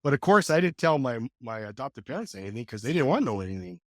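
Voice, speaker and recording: A man in his sixties from California, a podcast guest telling his life story in a casual, animated way and acting out the quoted dialogue. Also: fast, dry recording, studio quality. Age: 60s. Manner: animated, acts out quoted dialogue with lively pitch jumps. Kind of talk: conversational storytelling.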